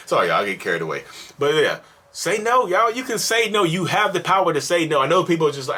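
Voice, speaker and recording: This mental health vlogger speaks fast in a fairly high male voice, with a little background noise behind him. Addressing the camera directly, he gets preachy and repetitive, hammering points home and animatedly breaking into put-on voices.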